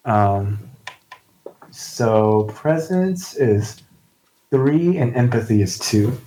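Hesitant tabletop player, mid voice. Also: male voice, mid-range voice, lively intonation, very slow, warm tone, a little hiss or hum. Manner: hesitant, filler-heavy. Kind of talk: casual game talk.

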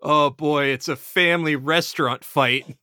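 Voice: mid-range voice, fairly even intonation, unhurried, bright, forceful tone, no echo, clean studio sound. A podcast co-host chatting casually and playfully about a cartoon episode. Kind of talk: casual episode recap chat.

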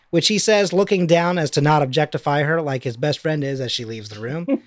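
A man casually recapping a film scene, playfully reading out the dialogue in quick voices. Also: fairly high pitch, dry recording, studio quality.

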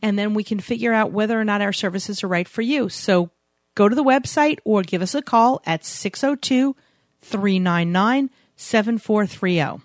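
A woman co-hosting a podcast in easy, rambling banter, quick to contradict her partner. Her voice sits at an ordinary pitch and is recorded dry, with little room sound. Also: dry recording. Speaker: podcast co-host. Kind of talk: casual banter and interview.

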